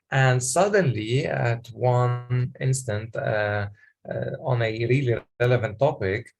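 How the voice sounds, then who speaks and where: A man presenting a workshop, explaining in a halting way with many pauses and questions to the audience. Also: mid-range voice, gravelly.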